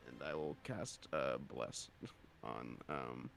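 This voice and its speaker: A man's voice: rumbling low, slow, vocal fry, a bit bright. A man playing a tabletop role-playing game, chatting casually and hesitantly, with playful swearing.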